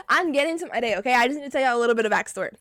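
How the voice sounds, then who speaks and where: Animated young woman telling a story. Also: high voice, very fast, dry recording, clean studio sound. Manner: animated, expressive and profane. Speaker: vlogger. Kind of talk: casual storytime chat.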